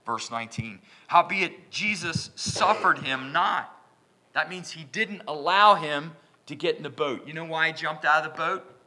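A man preaching a sermon in a church, swinging from loud, emphatic bursts down to hushed whispers. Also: on the high side, moderate pace.

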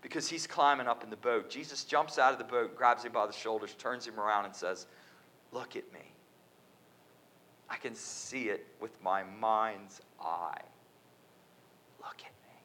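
A man preaching a sermon in a church, swinging from loud, emphatic bursts down to hushed whispers. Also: lowish voice, moderate pace, hardly any pauses.

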